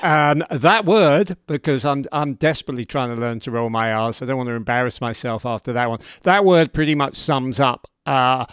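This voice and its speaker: A man's voice: mid-range voice, normal speed, few pauses, a bit bright, smooth, no room sound, studio quality. A man from Britain hosting a podcast, chatty and enthusiastic, asking questions in loose run-on sentences. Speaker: podcast host. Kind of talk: podcast interview.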